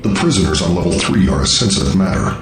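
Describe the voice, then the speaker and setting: A man's voice: low-pitched, expressive, quick pace, very echoey, soft background music. An actor playing a stiff, cold male security guard who talks in a clipped, mechanical way. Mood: stern. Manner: clipped, formal, robotic delivery.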